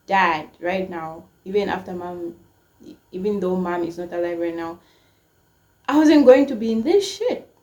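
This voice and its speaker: A woman in her twenties telling a personal story to camera in a casual, emotional way, full of "like" fillers. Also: fairly low pitch. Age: 20s. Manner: emotional, frequent "like" fillers, animated quoting. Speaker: storytime vlogger.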